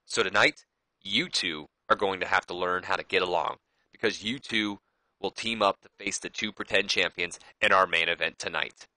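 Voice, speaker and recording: A man's voice: low voice, moderate pace, bright, forceful tone, no room sound, rough recording. A man voicing a bossy male wrestling executive who gives stern orders. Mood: commanding.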